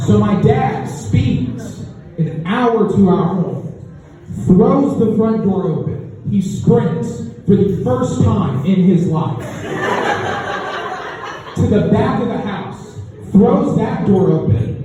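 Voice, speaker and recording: A man's voice: sits high, lively intonation, slow pace, mellow, slight background noise. A young man performing a stand-up comedy set in a club, telling a story with lots of filler words. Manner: conversational storytelling with many fillers. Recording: echoey far-off club recording, dull.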